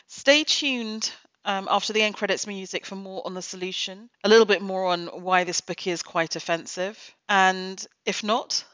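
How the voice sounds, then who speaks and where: A woman's voice: medium pitch, a bit bright, no room sound. Wry, critical woman on a dull, dry line. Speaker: podcast host. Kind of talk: book review podcast.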